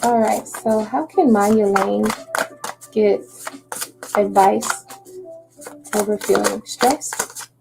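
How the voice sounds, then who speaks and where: A woman's voice: medium pitch, steady tone, takes it slowly, gravelly, long pauses, over music. A woman doing a live-stream tarot reading, chatty and reassuring, often checking in with "okay?". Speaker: tarot reader.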